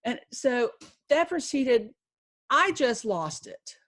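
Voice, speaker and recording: Woman, podcast guest, slow, emotional testimony, halting restarts, faith-filled. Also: a little high, sing-song, fairly bright tone. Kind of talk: personal testimony storytelling.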